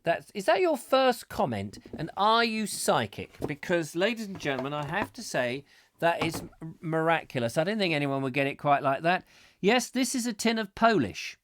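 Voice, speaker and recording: A man's voice: fairly high pitch, big pitch swings, moderate pace, a bit bright, a little hiss or hum. A middle-aged man hosting a live comic chat show, reading out viewer comments with playful, rambling jokey asides.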